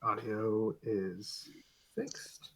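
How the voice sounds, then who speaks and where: A man running a tabletop game session over a voice call, handling the setup in a brisk, matter-of-fact way, on a dull lo-fi mic. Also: lowish voice, little pitch movement, fairly bright tone. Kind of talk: casual chat on a voice call.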